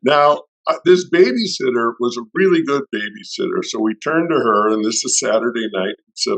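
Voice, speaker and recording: A man's voice: mid-range voice, lively intonation, moderate pace, vocal fry, few pauses, fairly bright tone, low-quality recording. A middle-aged man co-hosting a podcast, telling a personal story in a conversational way, with restarts and quoted dialogue. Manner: anecdotal, with restarts and acted-out quotes. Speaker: podcast co-host.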